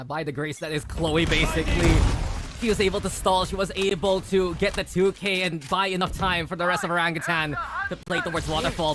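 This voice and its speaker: Excitable esports play-by-play caster. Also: female voice, lowish voice, background noise. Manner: excitable, rises sharply on big plays. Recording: music playing behind.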